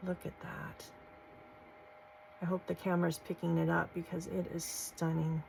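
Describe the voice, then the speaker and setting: A woman, gushing softly as she shows off craft supplies in a casual vlog. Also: fairly low pitch, vocal fry, a little hiss or hum, poor audio. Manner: gushing, soft-spoken, folksy. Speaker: crafting channel host. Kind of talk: casual show-and-tell vlog.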